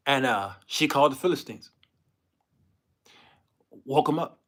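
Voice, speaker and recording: A man hosting a comedic commentary monologue, telling stories in an animated, folksy way. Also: medium pitch, measured pace. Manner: animated, laughs often, folksy storytelling. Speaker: host.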